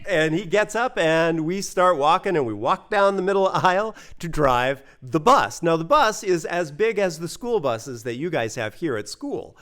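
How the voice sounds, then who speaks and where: A man from the United States telling a personal story in a casual, animated way, acting out the voices he quotes. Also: fairly high pitch, moderate pace, few pauses. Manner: animated, acts out quoted voices, many fillers.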